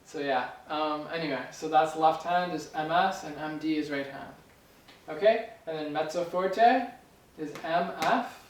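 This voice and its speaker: A man teaching music theory in a casual, chatty way, full of fillers, joking and correcting himself as he goes. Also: fairly high pitch. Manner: chatty, filler-heavy, playful and self-correcting. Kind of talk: casual explanatory lesson. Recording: roomy sound from a distance, faint hiss.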